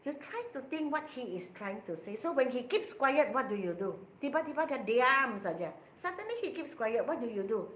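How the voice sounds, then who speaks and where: A woman's voice: fairly high pitch, sing-song, a bit bright, reverberant, a little hiss or hum. A woman with a Malaysian English accent, teaching on a livestream Q&A, explaining patiently with lots of repetition and acted-out exchanges. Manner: explains slowly and repeats herself, acting out both sides of a conversation.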